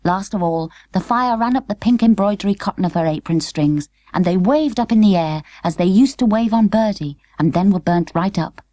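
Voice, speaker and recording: A woman's voice: mid-range voice, lively intonation, dark tone, no echo. Woman reading a story aloud, lots of lilt, dry close sound. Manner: clear, measured storytelling. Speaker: audiobook narrator. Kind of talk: scripted narration.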